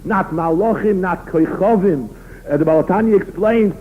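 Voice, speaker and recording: A man, a rabbi, giving an expressive sermon full of stories. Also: sits high, moderate pace. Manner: storytelling, expressive, emphatic. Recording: tinny phone-line recording.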